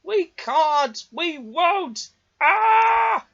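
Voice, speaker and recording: A narrator voicing a group of stubborn old goods trucks with shrill, squealing cries. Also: sing-song, very slow, gravelly, a bit bright, dull audio, exaggerated voice. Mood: defiant.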